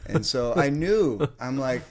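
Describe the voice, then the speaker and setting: Lively male podcast host, mid-pitched, with a very animated, swinging delivery. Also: measured pace. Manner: animated storyteller who acts out voices. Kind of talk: casual storytelling chat.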